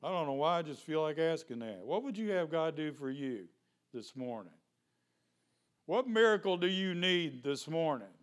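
Man preaching, smooth clear voice, slightly high, conversational sermon. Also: big pitch swings, moderate pace. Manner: conversational preaching with rhetorical questions. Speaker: pastor.

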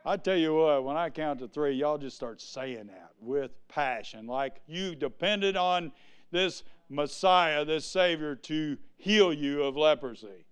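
A male preacher giving an exuberant sermon, breaking into sudden shouts and asking the congregation to answer him. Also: fairly high pitch, unhurried, clear, resonant tone.

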